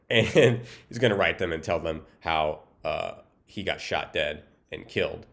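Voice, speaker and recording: Man, very low voice, casual comedic movie recap, deadpan, rambling, filler words. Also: normal speed, hardly any pauses.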